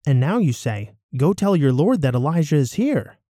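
A frightened male steward, as a man reading scripture puts him on, pleading anxiously with his pitch swinging up and down. The voice is mellow and the recording is dry and close. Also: big pitch swings, moderate pace, no room sound.

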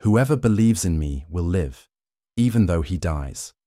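Jesus, a calm solemn teacher, read by a man. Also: sits low, unhurried, dry recording, studio quality.

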